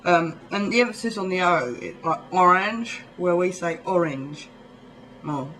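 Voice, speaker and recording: This vlogger from near London speaks with a southern English accent, talking to camera in a chatty, rambling way full of ums and little laughs. His high-pitched voice is animated and a bit bright at a moderate pace, though the audio is poor.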